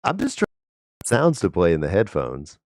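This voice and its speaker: A man's voice: sits low, huge pitch swings, normal speed, a little hiss or hum. A man livestreaming on a headset mic, chatting in a rambling, profane, jokey way. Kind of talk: casual live-stream chat.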